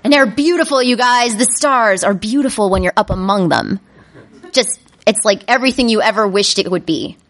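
A woman telling a funny personal story to an audience, animated and self-mocking, acting out her own panicky inner voices. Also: normal speed. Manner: acts out her inner voices with sudden high-pitched panic.

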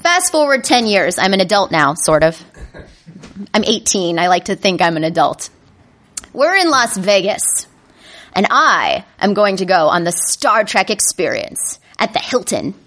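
A woman telling a funny personal story to an audience, animated and self-mocking, acting out her own panicky inner voices. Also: unhurried. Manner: acts out her inner voices with sudden high-pitched panic.

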